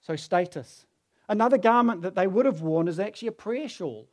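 A man's voice: sits high, animated, a little fast, darkish tone. A man preaching a sermon who tells the story casually and acts out the quoted voices.

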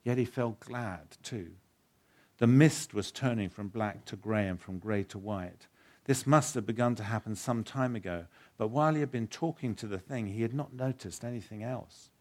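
A man with a fairly low voice gives a sermon, reading a long story passage aloud before drawing a lesson from it. His delivery is earnest and measured, in an even storytelling manner. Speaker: pastor.

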